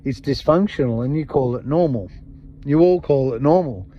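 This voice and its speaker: Swearing throughout, a male podcast host gives a passionate, blunt monologue built on repeated emphatic phrases. The dull lo-fi recording carries a little hiss or hum under his medium-pitched, moderately paced voice.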